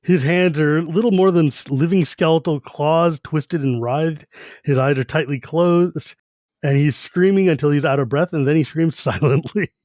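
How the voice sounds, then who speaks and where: Animated laughing podcast guy. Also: a little high, moderate pace, no echo, studio quality. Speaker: podcast co-host. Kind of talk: casual book discussion podcast.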